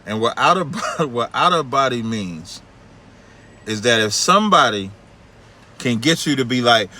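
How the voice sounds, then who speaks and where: A man's voice: a little slow, pauses often. A man with a New York accent hosting a call-in radio show, telling a long story in casual talk and acting out the people in it. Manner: animated, acts out quoted people in a much higher voice.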